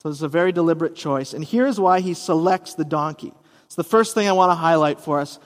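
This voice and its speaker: A man's voice: on the high side, brisk, long reverb tail. A man preaching a sermon as pastor, explaining scripture in a conversational way with casual asides.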